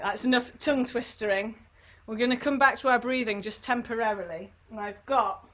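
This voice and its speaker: A woman leading an online sing-along warm-up over a computer microphone, chatty and encouraging, with playful asides. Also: medium pitch. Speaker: singing workshop leader.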